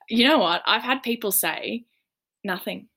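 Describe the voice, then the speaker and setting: A woman's voice: on the high side, a bit bright. A woman explaining job-interview advice in an earnest, chatty way, with frequent ums. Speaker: careers advice guest. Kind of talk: casual podcast chat.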